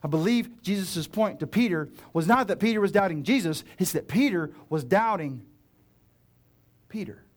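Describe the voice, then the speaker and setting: A pastor in full sermon mode, his slightly higher man's voice rising into urgent appeals and then dropping to a near hush to land a point. He talks straight to the congregation, earnest and personal. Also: expressive. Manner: dramatic, swinging between loud urgent pleading and hushed slow emphasis; earnest, direct address to listeners.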